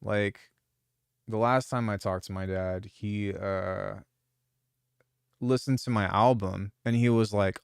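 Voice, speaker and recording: Smooth low-voiced man chatting loosely. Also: steady tone, slow pace, pauses often, dry recording, clean studio sound. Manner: rambling, profane, frequent restarts. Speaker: music producer streaming. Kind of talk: casual live-stream chat.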